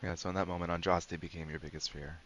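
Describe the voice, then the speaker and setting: A man narrating a tabletop game as game master, giving calm, measured rulings. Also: sits low, slight background noise, low-quality recording.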